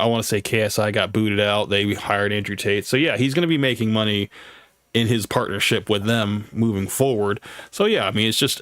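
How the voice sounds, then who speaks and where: A man's voice: on the low side, a bit bright, no room sound. A man hosting a live show, talking loosely in casual commentary full of fillers and restarts. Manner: loose, rambling, heavy on fillers. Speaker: host.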